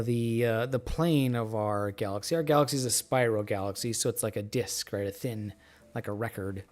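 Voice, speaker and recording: A man hosting a casual live stream, talking in a loose, rambling way with many fillers, relaxed and joking, a little tipsy. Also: medium pitch. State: a bit tipsy from beer. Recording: faint music in background.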